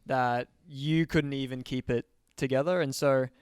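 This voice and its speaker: A man's voice: medium pitch, fairly even intonation, unhurried, smooth, no room sound. A man hosting a podcast, asking thoughtful questions in a casual, hedging way. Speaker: podcast host. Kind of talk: casual interview.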